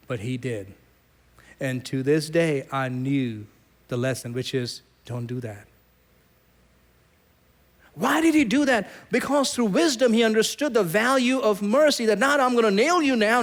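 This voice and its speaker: A middle-aged man from South Asia preaching a sermon as pastor, telling stories with lively, acted-out quotes. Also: fairly high pitch. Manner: animated storyteller, acts out quoted voices.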